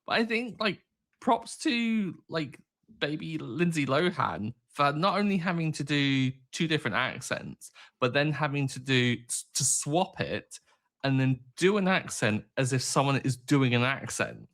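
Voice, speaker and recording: A man co-hosting a podcast, chatting casually about a film with animated, exaggerated outrage and rambling asides. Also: a little high, measured pace. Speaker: podcast co-host.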